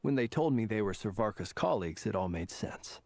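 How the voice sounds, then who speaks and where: A formal, courtly gentleman. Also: fairly low pitch, expressive, brisk, gravelly, no room sound. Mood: courteous. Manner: formal, elaborate phrasing. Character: formal, courteous male gentleman, measured and observant. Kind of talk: game voice acting.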